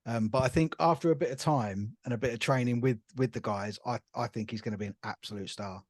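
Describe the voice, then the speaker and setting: A man's voice: mid-range voice, fast, no room sound, clean studio sound. An easygoing, enthusiastic man from England, a guest on a casual sports podcast.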